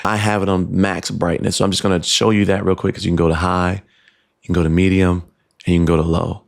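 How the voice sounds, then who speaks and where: Deep gravelly man demoing a microphone. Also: fast. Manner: relaxed, explanatory, frequent ums and restarts. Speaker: tech reviewer. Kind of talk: casual product demo. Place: home studio with computer fans nearby. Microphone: dynamic USB/XLR desk mic, switching to camera shotgun mic.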